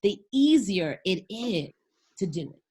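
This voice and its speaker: A woman guest telling a personal story in an animated, motivational way. She repeats her key phrases the way a preacher does and acts out the voices in her stories. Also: medium pitch, unhurried, slightly rough. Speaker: podcast guest, storyteller and speaker.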